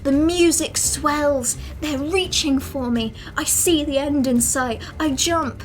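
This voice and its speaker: A young adult woman giving excitable, dramatic let's play commentary as a streamer, swearing often. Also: high-pitched, measured pace, a little hiss or hum.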